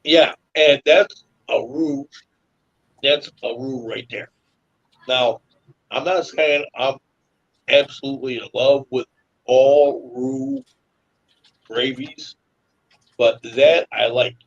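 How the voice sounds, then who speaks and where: A man's voice: mid-range voice, expressive, takes it slowly, gravelly, pauses often, highs cut off. A man co-hosting a casual podcast chat, telling a long, rambling story with lots of restarts. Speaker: podcast co-host.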